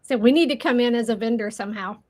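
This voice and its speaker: A woman's voice: a little high, fast, dry recording. A woman co-hosting a podcast, chiming in casually with friendly interjections. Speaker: podcast co-host.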